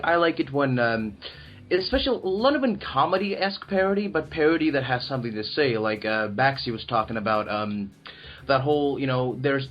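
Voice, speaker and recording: A man's voice: mid-range voice, lo-fi sound. A man from Australia co-hosting a casual podcast, rambling with many fillers and restarts. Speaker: podcast co-host. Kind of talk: casual chat.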